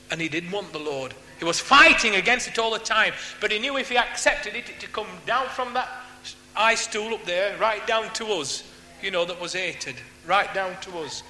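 A man's voice: high-pitched, normal speed, pushed and bright. A man giving an earnest, rambling church testimony about his time in prison, speaking into a microphone he is not used to. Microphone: handheld mic, unfamiliar to him. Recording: echoey hall with faint hum.

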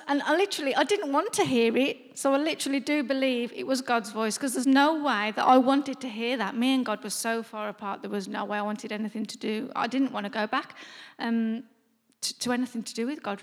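Brief: middle-aged woman, earnest testimony, slightly high voice, echoing hall. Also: a little fast. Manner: earnest, conversational, with frequent restarts. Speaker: speaker sharing a faith testimony. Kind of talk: personal testimony. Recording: long reverb, as in a hall.

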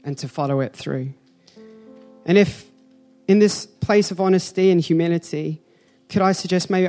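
A man's voice: on the high side, darkish tone. A man preaching a sermon in a church, earnest and building through repeated phrases. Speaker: pastor.

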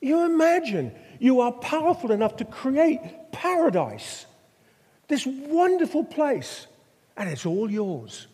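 A man's voice: very high-pitched, sing-song, takes it slowly, mellow, slightly rough. Older man, preacher, storytelling sermon, rhetorical questions, reverberant church hall. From Norfolk, England.

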